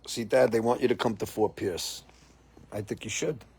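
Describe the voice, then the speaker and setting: A man's voice: lowish voice, fairly even intonation, moderate pace, gravelly, a little mellow, breathy edge. A middle-aged man hosting a casual live chat from a porch, reading viewer comments and laughing often in an amused, talkative way. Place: porch, outdoors.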